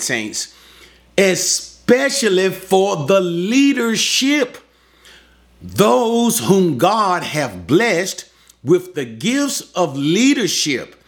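A man's voice: sits high, fairly bright tone. A man teaching a Bible passage verse by verse, often repeating and restating his phrases and asking rhetorical questions.

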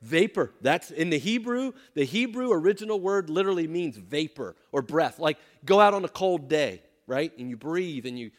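A man's voice: on the high side, expressive, normal speed, few pauses. A man teaching scripture to a group, emphatic, often asking them questions. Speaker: pastor or Bible teacher. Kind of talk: interactive Bible teaching.

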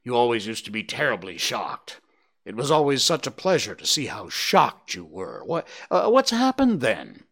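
A man's voice: mid-range voice, moderate pace, vocal fry, full character voice. A man putting on a vain, grumbling old owl. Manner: fussy, grumbling, fishing for flattery.

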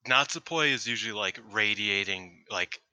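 A man co-hosting a casual podcast in a rambling, filler-heavy way, swearing offhand as he goes. His voice is very bright and a little low, and the recording is dry and close. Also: normal speed, smooth, dry recording, rough recording. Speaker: co-host. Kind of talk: casual wrestling podcast chat.

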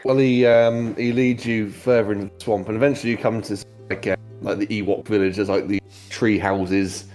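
Rambling low-voiced game master. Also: male voice, fairly even intonation, fairly quick, hardly any pauses, a little mellow, soft background music. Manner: casual, rambling, many fillers. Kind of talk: narrating a tabletop game.

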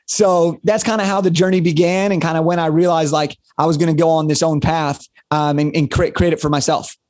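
A man in his late twenties, a guest telling an energetic story on a podcast and acting out the quotes. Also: fairly high pitch, a little fast. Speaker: guest, speaker and author.

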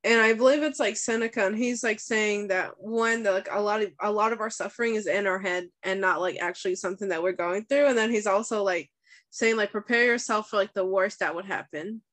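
A woman hosting a podcast, talking casually with a guest in a relaxed, chatty way full of "like" fillers. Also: medium pitch, a little fast. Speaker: podcast host. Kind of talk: casual interview chat.

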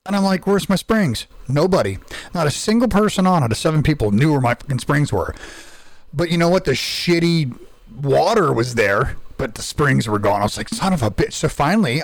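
A man co-hosting a casual podcast, telling profane, excited stories about a survival game with lots of restarts. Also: fairly high pitch, no echo, clean studio sound. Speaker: podcast co-host and streamer.

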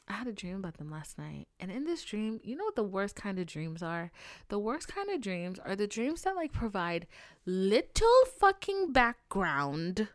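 A woman's voice: lowish voice, creaky, no room sound, clean studio sound. A woman hosting a casual solo podcast, telling a story with lots of profanity, drama and sudden drops into whispers. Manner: animated, profane, dramatic swings into loud outbursts and whispers. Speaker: podcast host.

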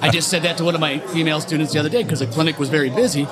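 A middle-aged man and barbering educator telling stories in a straightforward, animated way on a panel. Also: fairly high pitch, rapid-fire. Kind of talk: panel discussion. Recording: music and crowd behind.

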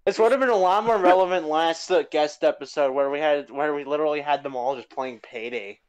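A young man co-hosting a casual podcast, loud, excitable and quick to swear. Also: fairly high pitch, clean tone. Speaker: podcast co-host.

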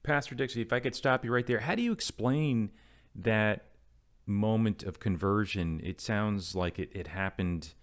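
A man hosting an interview, speaking in a somewhat low voice. He breaks in politely and gently to ask his questions. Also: normal speed. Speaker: radio interview host.

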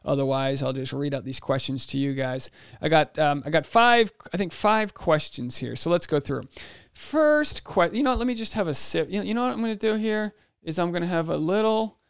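A man's voice: a little high, fairly quick, vocal fry, smooth, no echo, studio quality. Chatty, rambling male podcast host. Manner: chatty, rambling, many fillers and restarts. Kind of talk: solo podcast monologue.

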